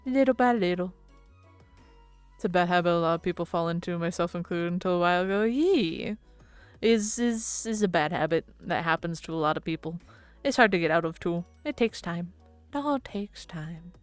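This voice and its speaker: A woman's voice: on the low side, brisk, clear, resonant tone, dry recording, soft background music. A woman streamer chatting casually with her viewers, rambling and laughing often into a close mic.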